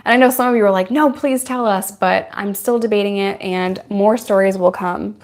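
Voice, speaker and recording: A woman's voice: medium pitch, steady tone, brisk. A young woman talking straight to camera, answering questions from her viewers. She is candid and chatty, laughs often, and speaks in an ordinary mid-range voice. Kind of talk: casual Q&A chat.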